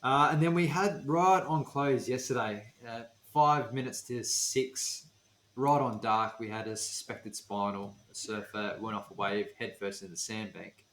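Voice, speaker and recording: Aussie bloke cohosting a podcast, plain storyteller, mid pitch, roomy sound. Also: male voice, unhurried, fairly bright tone. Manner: matter-of-fact storytelling with dad jokes. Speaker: podcast co-host. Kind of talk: casual chat. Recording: roomy echo.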